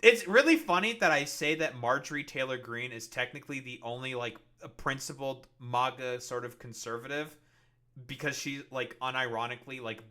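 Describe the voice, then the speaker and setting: Bright, rambling, profane young-sounding man. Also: mid-range voice. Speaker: streamer reacting to a video. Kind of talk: casual political commentary.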